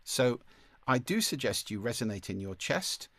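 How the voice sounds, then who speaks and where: Gravelly-voiced male speaking coach. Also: mid-range voice, sing-song, fairly bright tone, dry recording. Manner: clear, deliberate delivery with demonstrations of voice techniques. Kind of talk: online masterclass lesson.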